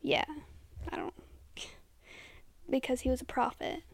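A young woman hosting a podcast, telling a true crime story casually, full of "like" fillers and often falling to a soft half-whisper. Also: high-pitched, little pitch movement, unhurried, vocal fry. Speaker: podcast host.

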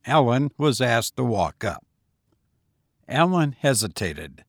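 Male narrator, steady storybook reading, mid-pitched, dead-dry recording. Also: takes it slowly, pauses often, no room sound. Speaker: audiobook narrator. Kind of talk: scripted narration.

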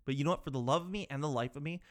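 A man's voice: a little high, very fast. A man of thirty hosting his own solo podcast, rambling and self-mocking, growing exasperated as he talks. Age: 30s. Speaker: podcast host. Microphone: podcast microphone.

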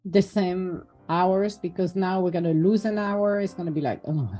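A woman's voice: lowish voice, moderate pace, warm tone, soft background music. A woman in her forties co-hosting a casual podcast, talking candidly and poking fun at herself, with frequent laughs. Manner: candid, self-mocking, laughs often. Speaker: podcast co-host.

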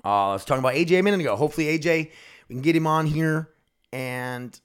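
A young man hosting his own solo podcast, talking in a loose, excitable, rambling way and swearing casually. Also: fairly high pitch, fast talker, smooth. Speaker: podcast host.

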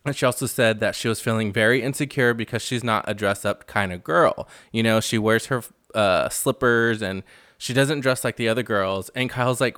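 A man's voice: lowish voice, moderate pace, fairly bright tone, dry recording, clean studio sound. A man hosting a casual gossip recap podcast, chatty and blunt with sassy asides and lots of "like". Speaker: podcast host.

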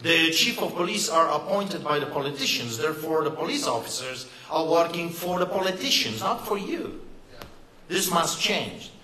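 A man delivers an impassioned political rally speech, emphatic and sarcastic. His voice sits a bit high and sounds bright and forceful. It bounces around a roomy, echoey hall. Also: animated, normal speed. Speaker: rally speaker. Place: event hall.

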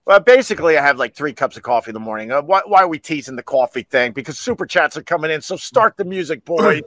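A man's voice: fairly high pitch, fast. An older man hosting a casual livestream, joking and laughing with his co-hosts. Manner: animated, laughing, teasing. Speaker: livestream host.

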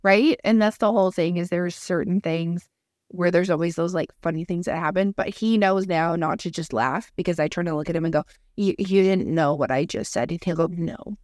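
A young woman with a lowish voice hosts a relaxed podcast chat. She rambles through stories with small fillers. The sound is close and dry. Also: a little fast, no echo. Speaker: podcast host. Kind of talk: casual chat.

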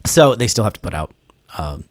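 Lively-pitched man chatting on a podcast. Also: a little fast, no echo, clean studio sound. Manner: rambling, hedging with fillers, joking. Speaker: podcast co-host. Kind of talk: casual podcast chat.

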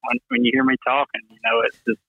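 A man in his twenties with a thick Alabama accent talks quickly in a mid-range, level voice as the guest on a casual phone interview. He drawls easily, sprinkling in "man" and "you know" often. The phone line sounds tinny and dry, with no echo.

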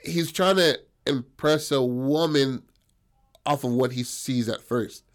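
A man's voice: mid-range voice, takes it slowly. A young man casually telling a story, rambling and profane, full of fillers.

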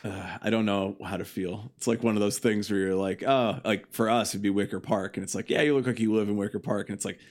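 A man's voice: on the low side, steady tone, quick pace, few pauses, darkish tone. A young man from the Chicago suburbs, a band guest chatting casually on a podcast, rambling with lots of "like" and acting out quotes. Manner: rambling, heavy on "like", does quoted voices.

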